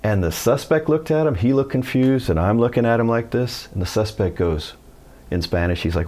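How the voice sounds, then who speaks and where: A middle-aged American man teaching a Spanish lesson in English, telling stories and acting out quoted speakers with lively pitch jumps. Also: moderate pace. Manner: animated storytelling, acts out quoted voices. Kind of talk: video lesson.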